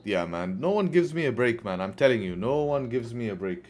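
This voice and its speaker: A man's voice: mid-range voice, expressive, fairly quick, darkish tone. A man livestreaming his forex trading, talking casually to viewers, often asking "right?" and bantering with the chat. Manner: chatty, repeats "right?" and "guess what", banters with chat. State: tired, yawning. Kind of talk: casual live trading commentary.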